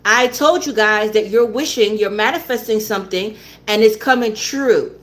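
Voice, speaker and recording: A woman with a medium-pitched voice talks at normal speed while giving a tarot reading. Her style is blunt and repetitive, with frequent laughter and the odd swear word.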